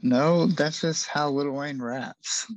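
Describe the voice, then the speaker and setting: A young man co-hosting a casual podcast chat, making blunt deadpan remarks. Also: fairly high pitch, slow, no echo, low-quality recording. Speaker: podcast co-host.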